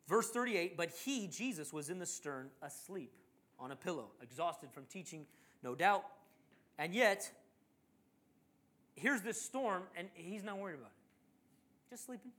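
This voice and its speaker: Animated male preacher telling a story. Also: high-pitched, a little slow, pauses often. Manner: animated storytelling, acting out quoted voices. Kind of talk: sermon.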